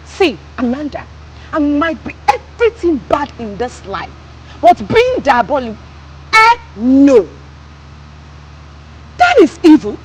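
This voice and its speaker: A woman's voice: high voice, a little hiss or hum, rough recording. An actress with a Nigerian accent playing a scornful aunt who is hostile to her brother's wife, talking bluntly. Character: scheming older aunt, hostile to in-law. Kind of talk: film drama acting.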